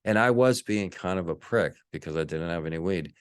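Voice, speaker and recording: A man's voice: sits low, brisk, smooth, dry recording, studio quality. A man hosting a podcast, telling a rambling personal story in a casual monologue, full of restarts and acted-out quotes. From Texas. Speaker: podcast host.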